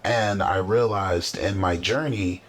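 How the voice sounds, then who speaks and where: A man's voice: low-pitched, takes it slowly. A man hosting a casual podcast chat, talking in a motivational, emphatic way. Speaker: podcast host. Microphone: camera setup on a desk.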